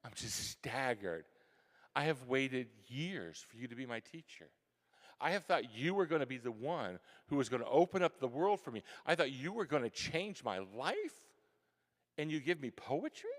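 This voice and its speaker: A man telling a childhood story to a school audience, animated and acting out his younger self with gasps and whispers. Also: medium pitch. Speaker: guest author speaking to a school. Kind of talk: storytelling talk to students. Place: large hall, school event. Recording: long hall reverb.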